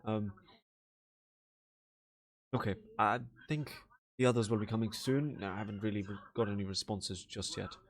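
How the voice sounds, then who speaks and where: A man voicing a soft-spoken male wizard who talks quietly and hesitantly, with many pauses. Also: fairly low pitch, fairly even intonation, slight background noise, lightly acted.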